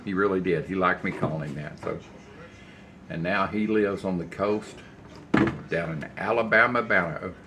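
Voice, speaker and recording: A man's voice: low-pitched, normal speed, noisy background. An older man, rambling folksy stories as he cooks in his home kitchen. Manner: rambling, folksy storytelling while cooking. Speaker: cooking channel host. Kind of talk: casual cooking vlog chat.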